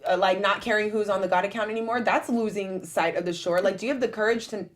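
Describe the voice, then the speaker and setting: A woman's voice: mid-range voice, fairly even intonation, fast talker. Earnest woman host sharing inspiration. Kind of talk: casual chat.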